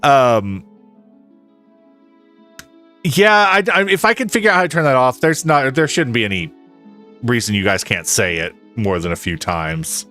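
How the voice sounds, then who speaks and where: A man streaming a video game, chatting with his viewers and reacting out loud, laughing often. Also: medium pitch, lively intonation, moderate pace, long pauses, soft background music. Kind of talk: live-stream game commentary.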